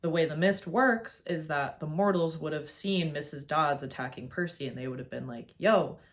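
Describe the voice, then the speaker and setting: A young woman with a low voice talks through her video essay at home, chatty and opinionated. She fills her thoughts with "like" and keeps it casual, speaking into a camera. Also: normal speed. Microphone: facing a camera.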